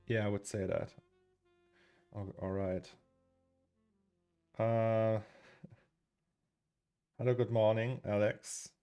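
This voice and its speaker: A man's voice: lowish voice, steady tone, takes it slowly, pauses often, smooth, highs cut off. A man in his thirties from Germany, chatting casually on a live stream, rambling and reading out chat names with frequent chuckles. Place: home studio. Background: faint music.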